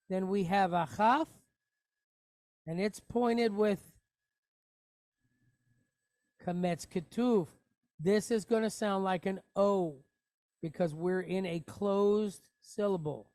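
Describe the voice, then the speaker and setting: A woman's voice: mid-range voice, darkish tone, no room sound, clean studio sound. A woman teaching a Hebrew reading lesson, patiently explaining each letter and asking the class questions.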